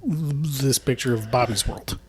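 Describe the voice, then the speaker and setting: A man co-hosts a relaxed library podcast with a wry, teasing edge. His voice is at an ordinary middle pitch, with soft noise under the recording. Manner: wry, teasing, drawn-out asides. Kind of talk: casual chat.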